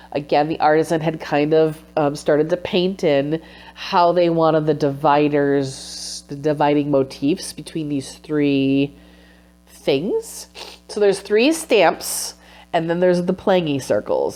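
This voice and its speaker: A woman's voice: sits low, darkish tone. A woman recapping her research in a casual vlog, emotional and sniffling at times. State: teary, sniffling. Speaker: vlogger and textile researcher.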